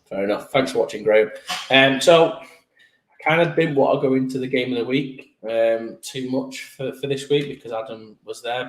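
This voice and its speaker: Joking man in a roomy space. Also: mid-range voice. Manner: jokey and teasing, with some swearing. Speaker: podcast host. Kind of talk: casual sports chat.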